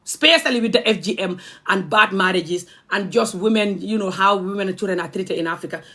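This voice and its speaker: A woman's voice: mid-range voice, fairly quick, pushed and bright. A young adult woman from the Gambia, ranting angrily on a livestream. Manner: impassioned, angry, confrontational. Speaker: vlogger. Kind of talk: livestream rant.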